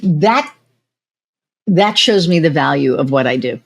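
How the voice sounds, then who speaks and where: A middle-aged woman hosting a podcast, telling stories in a lively, chatty way and acting out what others said. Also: low voice, measured pace, gravelly, breathy edge. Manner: animated storytelling, acts out quoted voices. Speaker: podcast host. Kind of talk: casual chat.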